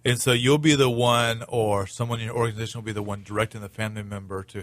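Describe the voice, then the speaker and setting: A man's voice: fairly low pitch, steady tone, quick pace, hardly any pauses, fairly bright tone, no echo. A man hosting a radio talk show, chatty and playful, with joking asides to his listeners.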